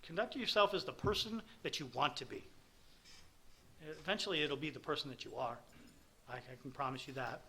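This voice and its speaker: A man's voice: on the high side, a little fast, vocal fry, pauses often, pushed and bright. A middle-aged man giving a candid, rambling personal testimony at a recovery meeting, speaking bluntly to a room of peers.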